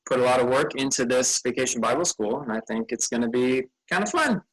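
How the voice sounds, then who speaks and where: A man's voice: mid-range voice, expressive, a little fast, a bit bright, breathy edge, rough recording. A tired man leading a vacation Bible school session, chatting casually with children and rambling a bit as he loses his train of thought. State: tired, yawning.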